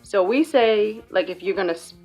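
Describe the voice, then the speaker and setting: A woman's voice: medium pitch, moderate pace, soft background music. A young woman with a Bahamian accent, explaining slang in a playful, joking vlog. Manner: playful, joking, animated storytelling. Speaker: YouTuber.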